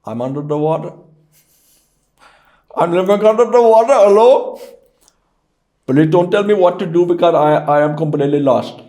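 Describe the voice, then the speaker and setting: A man putting on a South Asian English accent as an excitable, lost speaker making grand declarations. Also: close to an everyday voice. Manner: fast and high-pitched, speechy.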